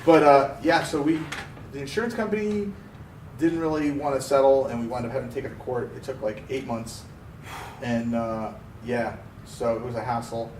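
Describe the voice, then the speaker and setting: Male co-host from Pennsylvania, animated storyteller, recorded off-mic in a roomy space with faint noise. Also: mid-range voice, normal speed, far from the mic. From Pennsylvania, USA. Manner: animated storyteller, acts out quoted voices. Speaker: podcast co-host. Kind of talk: casual storytelling chat.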